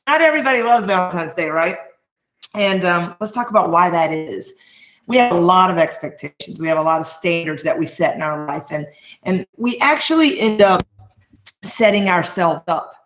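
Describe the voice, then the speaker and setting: A woman's voice: fairly low pitch, expressive, normal speed, fairly bright tone. A woman in her forties, a life coach, giving an emphatic motivational talk to camera with lots of rhetorical questions. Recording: roomy echo.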